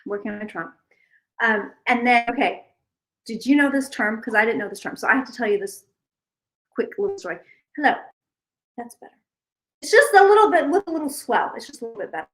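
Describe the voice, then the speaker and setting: A woman's voice: on the high side, animated, brisk, long pauses, a bit bright, rough recording. A woman psychic vlogger chatting casually and rambling to her viewers, swearing freely.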